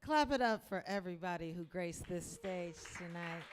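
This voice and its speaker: Lively, sassy female stand-up. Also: on the low side, normal speed. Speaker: stand-up comedian. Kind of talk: stand-up set.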